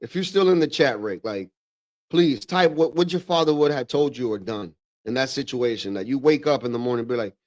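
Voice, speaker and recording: Speaking a little fast in a medium-pitched voice, a man runs a livestream and reacts with casual, slangy remarks. "Bro" comes up again and again, along with lively asides.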